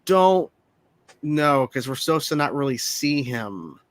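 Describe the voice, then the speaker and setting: A man talks in quick, eager bursts about shows he loves, full of fillers and restarts. His voice sits a bit high, and the sound is dry and close, with no room around it. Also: dry recording. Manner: excited, quick fan talk with fillers. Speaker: podcast panelist. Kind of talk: casual chat.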